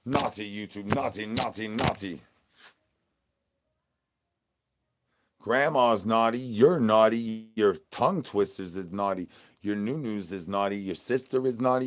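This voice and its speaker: Crude male zombie, drawl, rambling nonsense rhymes, lowish voice, played by a man. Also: noisy background, close to an everyday voice. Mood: teasing. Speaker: comedy channel host. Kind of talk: improvised comedy rant.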